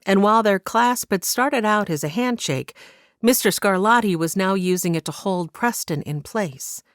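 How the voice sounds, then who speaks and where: A woman audiobook narrator reading a historical romance in a gentle, even storytelling manner. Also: medium pitch, moderate pace, dry recording, clean studio sound. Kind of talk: scripted narration.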